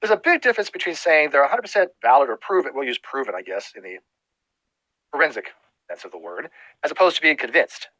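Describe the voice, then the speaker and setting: A man's voice: fairly high pitch, lively intonation, fast talker, sharp tone, no echo, rough recording. A man hosting a livestream show who argues in an angry, swearing rush, firing demands at a caller. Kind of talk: heated livestream argument.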